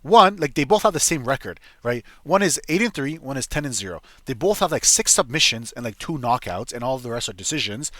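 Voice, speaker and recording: A man's voice: mid-range voice, expressive, a little fast, hardly any pauses, bright, forceful tone, dry recording. Profane, rambling young man, dry mic. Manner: blunt, profane, rambling with many fillers. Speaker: MMA fight predictions host. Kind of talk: casual profane fight breakdown.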